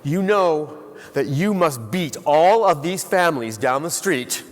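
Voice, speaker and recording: Animated middle-aged man giving a keynote. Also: fairly high pitch, unhurried. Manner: animated storyteller who quizzes the audience. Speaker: keynote speaker. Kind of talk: motivational keynote speech. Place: large hall with a live audience. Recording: long hall reverb.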